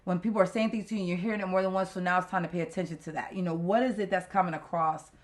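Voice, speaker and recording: A woman's voice: on the low side, steady tone, rapid-fire. A middle-aged woman co-hosting a podcast in casual chat, speaking bluntly and emphatically and laughing often. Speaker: podcast co-host.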